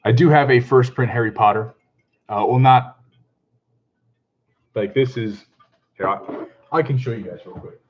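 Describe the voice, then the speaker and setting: A man chatting casually on a live stream, excitable and talkative, greeting viewers and laughing often. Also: medium pitch, unhurried, pauses often, slightly rough, lo-fi sound. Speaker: comic book vlogger hosting a live stream.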